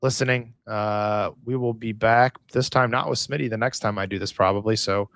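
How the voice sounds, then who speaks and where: A man co-hosting a podcast, chatting casually and telling stories in an animated way, swearing freely. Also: fairly low pitch, normal speed, no room sound, studio quality. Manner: profane, animated storytelling. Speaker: podcast co-host. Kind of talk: casual chat.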